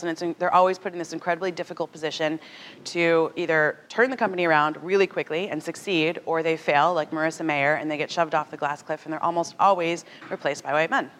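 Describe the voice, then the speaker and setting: A woman in her thirties giving a talk to an audience in a conversational, animated way, often acting out what others said. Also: fairly low pitch. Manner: animated, conversational, acts out quotes. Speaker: speaker at a talk.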